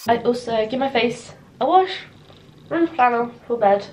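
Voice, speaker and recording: Chatting to her handheld compact camera in a student bedroom, a young adult woman vlogs in a bubbly, giggly, casual way. Her fairly high voice is animated yet a little slow, with a darkish tone, and a little hiss or hum comes through.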